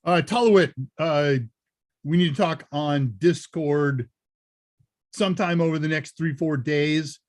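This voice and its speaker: A man's voice: a little high, measured pace, no echo, studio quality. A man hosting a live tech Q&A, chatting casually and rambling with chuckling asides. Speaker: host and senior instructor. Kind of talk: casual livestream Q&A chat.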